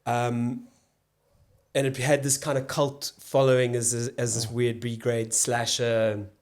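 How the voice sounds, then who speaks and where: A South African man, an actor and comedian, talking as a podcast guest in a thoughtful, halting way, often restarting his sentences. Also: medium pitch, level tone. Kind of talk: casual podcast conversation.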